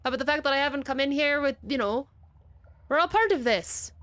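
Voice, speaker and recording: A woman's voice: high-pitched, lively intonation, fairly quick, fairly bright tone, no echo. A woman playing her character in a tabletop role-playing game, talking in an earnest, pleading way. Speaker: player.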